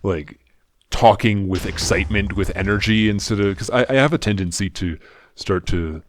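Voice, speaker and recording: A man giving casual gameplay commentary in a soft, muted, mumbly, low-energy way. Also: normal speed, slight background noise. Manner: low-energy, understated, self-deprecating. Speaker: gaming channel host.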